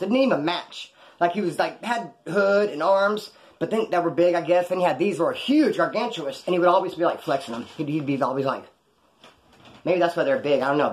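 A former prisoner telling stories about prison life in a blunt, rambling, profane way. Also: male voice, a little high. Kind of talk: casual storytelling monologue.

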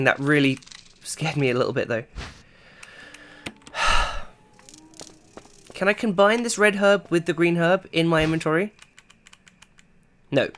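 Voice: medium pitch, slow pace, pauses often, a little hiss or hum. A game streamer giving live gameplay commentary, chatting to viewers and yelping when startled. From England. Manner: chatty, talks to the chat, yelps and shouts when startled.

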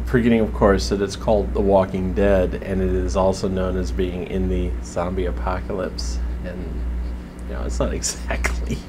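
A man's voice: deep voice, flat delivery, normal speed, noisy background. A man casually recapping a TV episode in a sarcastic, wry way, swearing now and then.

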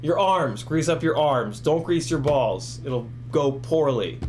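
A man's voice: on the high side, animated, takes it slowly, background noise. Tipsy, rambling middle-aged man. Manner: rambling, profane, ranting, laughs often. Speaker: FPV drone livestream host. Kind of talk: casual livestream chat.

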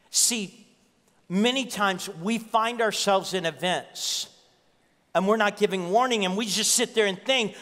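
A man preaching a sermon as pastor, an animated storyteller who acts out the dialogue. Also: high-pitched, normal speed. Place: church sanctuary. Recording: reverberant church hall.

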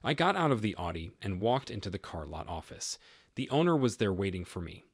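Husky low-voiced man narrating a story. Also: fairly quick, dry recording, studio quality. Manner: deadpan, matter-of-fact. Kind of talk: first-person story narration.

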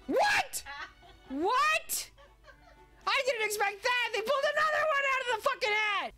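A young woman streamer giving casual gameplay commentary, excitable and swearing often. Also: extremely high pitch, takes it slowly, pauses often, soft background music. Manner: excitable, swearing, shrieks and laughs.

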